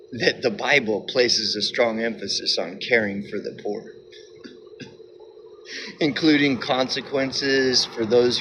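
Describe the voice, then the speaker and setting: A man's voice: mid-range voice, sharp tone, a little hiss or hum. A man talking to camera in a casual monologue, insistent and repetitive, often restarting his sentences. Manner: repetitive, halting with restarts and fillers; insistent, emphatic. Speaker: video commentator.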